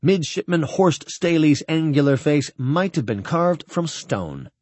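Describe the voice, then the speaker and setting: A man narrating an audiobook in an expressive, steady storytelling manner. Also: on the high side, measured pace, no echo. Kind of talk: scripted narration.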